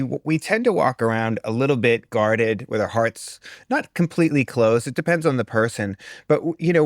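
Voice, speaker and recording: A man's voice: medium pitch, no room sound, clean studio sound. A man from the US East Coast who teaches breathwork, talking as a guest in a blunt, straightforward and emphatic way. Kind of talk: casual conversation.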